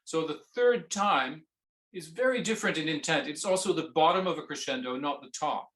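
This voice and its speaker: A man coaching a viola student in a masterclass, singing phrases on nonsense syllables and asking gentle questions. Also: fairly high pitch, lively intonation, normal speed, echoey room.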